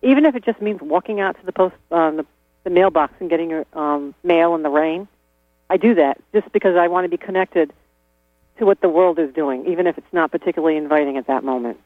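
A man's voice: fairly high pitch, brisk, dry recording. A man talking casually as an interview guest, chatty, laughing often and restarting his sentences. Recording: tinny phone-like line with mains hum.

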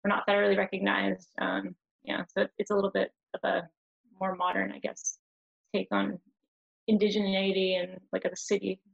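A woman speaking casually as an interview guest, with a creaky voice. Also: medium pitch, monotone, brisk, highs cut off.

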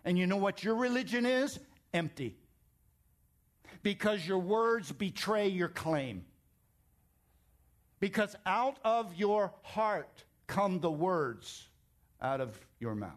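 A high-pitched pastor preaches slowly, leaving long pauses. Emphatic and conversational, he tells animated stories and jokes with his congregation.

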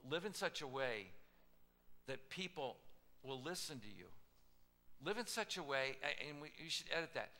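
A man preaching a sermon, retelling a scripture story with casual asides and lively voiced quotes. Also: a little high, normal speed, pauses often, big-room sound. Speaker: pastor.

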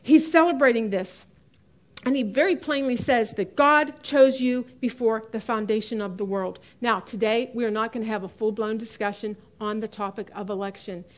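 A woman's voice: a little high, moderate pace. A middle-aged woman teaching a women's Bible study class in a chatty way, often laughing and stressing key words.

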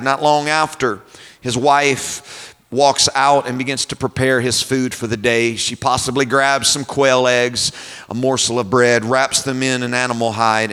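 Male preacher, storytelling sermon, bright tone, long hall reverb. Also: medium pitch. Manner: imaginative, descriptive, unhurried.

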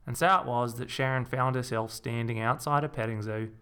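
Gravelly-voiced male comic narrator. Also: medium pitch, steady tone, brisk, fairly bright tone.

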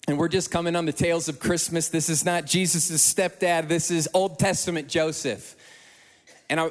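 A male pastor preaching a sermon in a church, telling stories in an emotional, animated way. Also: a little high, long reverb tail.

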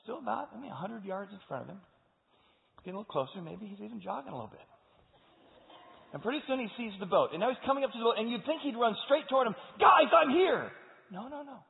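Animated preacher in an echoing hall. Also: male voice, high-pitched, fast talker, vocal fry. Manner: animated storytelling, acting out characters. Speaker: pastor. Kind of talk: sermon. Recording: echoey hall over a tinny phone-like line.

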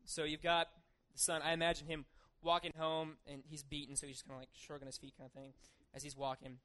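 A man's voice: a little high, completely flat delivery, fast talker, bright, forceful tone. Casual young man retelling a parable. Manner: informal and chatty, acting out the story in everyday voices. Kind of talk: casual sermon with scripture reading.

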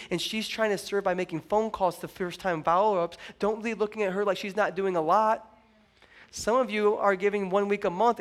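A man's voice: sits high, a bit bright. A young adult man preaching a sermon, playful, with joking asides and acted-out voices, sometimes coaxing the crowd to join in. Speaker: pastor.

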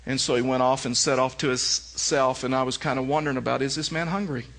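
A man's voice: mid-range voice, steady tone, quick pace, fairly bright tone. A male pastor giving a sermon, telling stories conversationally and then pressing his points with emphasis. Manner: conversational storytelling that rises to emphatic preaching.

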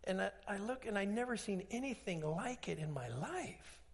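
A man pastor preaching a sermon, telling stories with acted-out dialogue and emphatic swings in pitch. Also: lively intonation, moderate pace, creaky. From Alaska.

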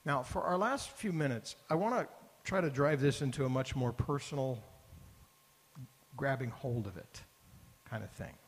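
A man's voice: medium pitch, lively intonation, moderate pace, pauses often, slightly rough. A man preaching a sermon as pastor, earnest and building to emphatic repeated phrases. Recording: long hall reverb.

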